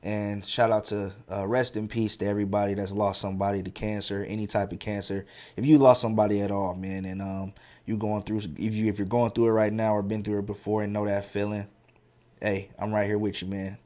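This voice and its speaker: A man hosting his own podcast and telling stories from his school years in a slangy, animated, casual way, with many restarts. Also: fairly low pitch, fairly quick. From central Ohio. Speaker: podcast host. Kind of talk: casual storytelling monologue.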